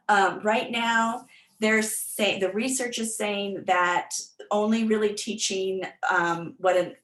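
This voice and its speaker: A woman's voice: fairly high pitch, fairly bright tone. A woman literacy tutor giving an online workshop presentation, explaining step by step with frequent ums and restarts. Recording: echoey room.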